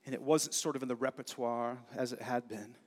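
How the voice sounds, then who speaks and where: Male pastor, earnest conversational sermon, mid-pitched, long hall reverb. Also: a little fast. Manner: conversational, earnest, animated asides. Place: church sanctuary.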